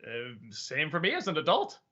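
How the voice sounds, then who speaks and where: A man with a bright, forceful voice and a lively, swinging pitch chats casually on a livestream. He laughs often and stumbles over restarts as he answers questions. The sound is a bit dull and lo-fi. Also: normal speed. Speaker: show host answering chat questions.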